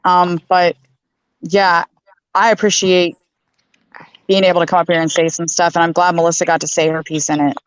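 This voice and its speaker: A woman's voice: fairly low pitch, little pitch movement, moderate pace, pauses often, clean tone, no room sound, poor audio. A woman calling in by phone to a stream, chatting casually in a sassy, mocking way. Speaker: guest caller. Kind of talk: casual chat.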